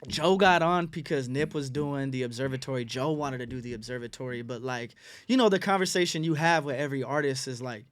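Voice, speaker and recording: A man who is a music executive, a guest on a podcast, talking in a relaxed, conversational way and laughing often. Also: mid-range voice, fairly quick, hardly any pauses, no echo. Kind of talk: casual interview chat.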